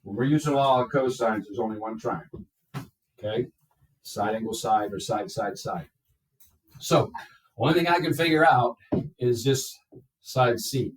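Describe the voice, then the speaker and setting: A man teaching a math class, explaining step by step and checking in with his students. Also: medium pitch. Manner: slow, step-by-step, checks in with "okay?". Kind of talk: classroom lecture. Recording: echoey classroom from far off.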